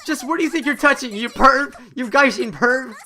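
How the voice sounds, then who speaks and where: A fiery, bossy young schoolgirl from a visual novel game scolds in a shrill, accusing tone, as a man puts her on. The voice sits high and bright and swoops all over the place, huffy and forceful. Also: big pitch swings, fairly quick, a little hiss or hum, full character voice. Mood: indignant. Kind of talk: reading visual novel dialogue aloud.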